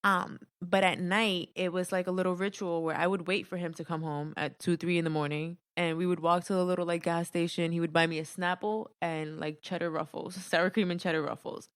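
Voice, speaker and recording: A young adult woman, a podcast guest, telling a personal story in relaxed chat, laughing often. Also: lowish voice, brisk, few pauses, smooth, no room sound, clean studio sound. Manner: storytelling, laughs often, says "you know" a lot.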